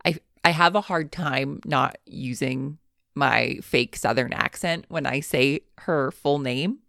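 A woman's voice: a bass voice, slow, gravelly, fairly bright tone, no room sound, studio quality. A woman hosting a podcast, upbeat and gushing as she interviews a guest and wraps up the show. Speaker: podcast host.

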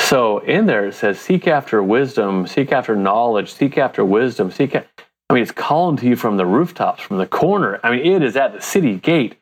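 A man's voice: medium pitch, expressive, normal speed. A man from the United States, a company founder and interview guest, telling stories casually, laughing often and acting out his own thoughts.

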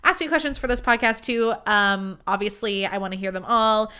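A woman's voice: medium pitch, normal speed, pushed and bright, clean tone. A young woman hosting her own podcast, chatting in a bubbly, rambling way with lots of fillers. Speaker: podcast host. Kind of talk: casual chat.

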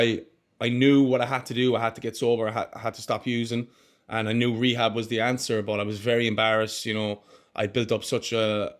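An Irish man talking as a podcast guest, recounting his experiences in a casual, open way. His delivery stays flat and even in pitch. He drops in mate and man as he goes and often restarts mid-sentence. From Ireland. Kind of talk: candid conversational storytelling.

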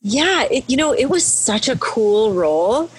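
A woman's voice: a little high, very animated, unhurried, slightly rough, no room sound. A woman guest on a podcast, a hospitalist, chatting casually and telling stories with frequent laughs. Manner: chatty, laughs often, emotional storytelling.

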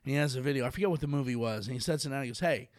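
A man's voice: medium pitch, rapid-fire, a little mellow, no room sound, clean studio sound. A man hosting a casual podcast chat, telling stories in an easygoing way and laughing readily.

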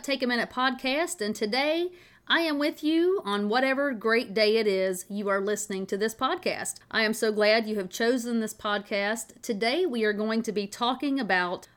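A woman's voice: on the high side, moderate pace. A woman from Tennessee talks straight to her listeners in a motivational podcast. Her delivery is upbeat and folksy, full of homespun stories and rhetorical questions. She has the easy voice of a mother and a regular show host. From Tennessee, USA. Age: adult with children.

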